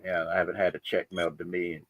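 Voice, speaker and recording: A man's voice: low voice, little pitch movement, quick pace, a bit bright, no echo, poor audio. Rambling man hosting a chat stream. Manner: rambling, many fillers, chuckling. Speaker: livestream host. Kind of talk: casual chat.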